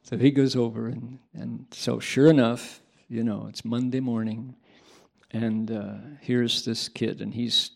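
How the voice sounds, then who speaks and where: Gravelly-voiced monk telling a story. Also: male voice, medium pitch, unhurried. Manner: animated storytelling, conversational asides. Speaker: Buddhist monk. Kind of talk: sermon. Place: Buddhist monastery.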